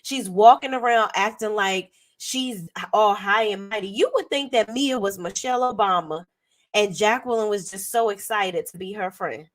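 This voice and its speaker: A hoarse woman giving a blunt, sassy, profane commentary as a reality TV reviewer. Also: mid-range voice, normal speed. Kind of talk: casual commentary.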